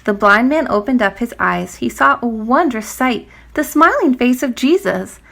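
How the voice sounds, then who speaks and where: A woman reading a rhyming children's story aloud in a rhythmic, expressive way. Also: a little high, normal speed, gravelly.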